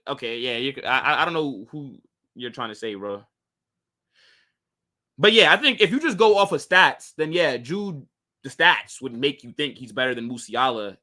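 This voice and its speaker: Speaking in a pushed, bright mid-range voice, a young American man hosts a relaxed football live stream. He goes through viewer comments and replies in slang, constantly saying "bro" and "like."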